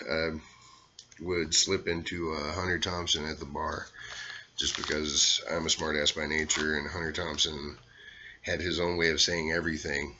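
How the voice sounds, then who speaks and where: A man's voice: extremely low pitch, pushed and bright, lo-fi sound, slight background noise. A middle-aged man from Arkansas with a Southern accent, rambling casually to camera with lots of fillers. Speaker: vlogger doing impressions.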